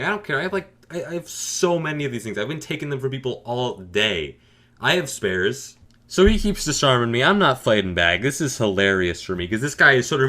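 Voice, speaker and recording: Dry deadpan guy spinning a silly gaming yarn, bright voice, pitch jumping around a lot. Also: fairly quick. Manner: dry, deadpan, matter-of-fact. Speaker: gaming storyteller. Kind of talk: deadpan comedic storytelling.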